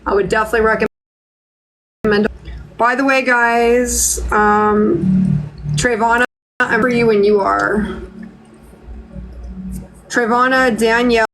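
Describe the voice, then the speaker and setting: A woman's voice: a little high, fairly even intonation, unhurried, pauses often, a bit bright, faint music behind, rough recording. A woman hosting a live psychic reading stream, chatting to viewers in an emotional, choked-up way. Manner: tearful, choked up. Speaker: psychic medium host.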